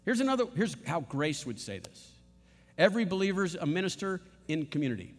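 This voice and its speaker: A man's voice: a little high, sing-song, brisk, long reverb tail. A man preaching a sermon as pastor, emphatic and repetitive, with playful asides.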